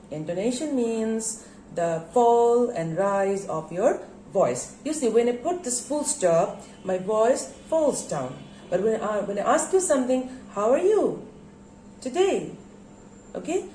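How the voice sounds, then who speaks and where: In this recorded classroom lesson, a woman from Bangladesh teaches English in a mellow, medium-pitched voice. She stretches words slowly for emphasis and says them again for her class, while the echoey room carries a little background noise.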